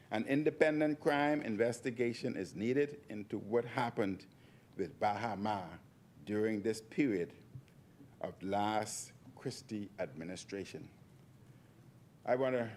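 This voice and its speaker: Forceful man giving a speech. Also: medium pitch, slight background noise. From Bahamas. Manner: forceful, repeats phrases for emphasis, rising to loud declarations. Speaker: member of parliament. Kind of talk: parliamentary speech. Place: parliament chamber.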